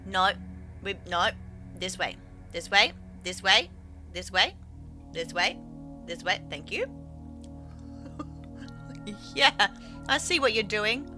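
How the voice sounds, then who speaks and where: A woman's voice: mid-range voice, very animated, slow, long pauses, bright, forceful tone. A woman streaming games, chatting playfully, cooing at her cat and reading game text aloud with drama. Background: faint stream music.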